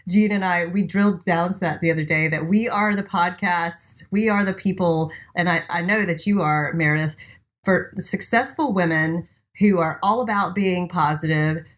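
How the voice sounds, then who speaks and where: A woman co-hosting a podcast, chatting in a supportive way. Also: fairly low pitch. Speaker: podcast co-host. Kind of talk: casual podcast conversation.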